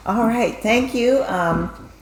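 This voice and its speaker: A woman's voice: on the high side, slow, reverberant, a little hiss or hum, poor audio. A woman co-hosting a stitching show, chatting earnestly with many fillers and thanks. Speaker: co-host. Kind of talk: casual chat.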